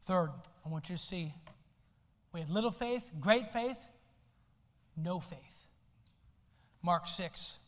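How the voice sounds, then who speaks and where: A male pastor preaching a sermon, swinging from soft low asides to loud shouted lines. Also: takes it slowly, long pauses. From United States. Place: church sanctuary. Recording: long hall reverb in a church.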